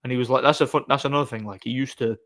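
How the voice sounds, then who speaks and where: A man's voice: medium pitch, fairly even intonation, rapid-fire, fairly bright tone. A man chatting casually on a live stream, reading comments and rambling sarcastically with many fillers and restarts.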